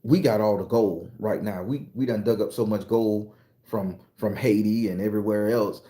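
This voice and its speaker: A man voicing a smug, scheming Italian financier who speaks low and businesslike. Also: fairly even intonation, moderate pace, dark tone, echoey room, lightly acted. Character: scheming moneyed founding-era Italian financier.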